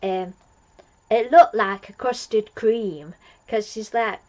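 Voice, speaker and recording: A woman's voice: medium pitch, slow, darkish tone, muffled recording. A woman recapping an episode as a fan reviewer, gushing and rambling with lots of fillers and restarts.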